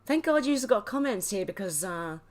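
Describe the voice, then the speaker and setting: A woman's voice: mid-range voice, sing-song, normal speed. A woman hosting a livestream, reading viewers' comments aloud while tearful and overwhelmed, laughing through it. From Australia. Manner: emotional, teary and laughing, overwhelmed. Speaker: livestream host. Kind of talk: reading live chat aloud.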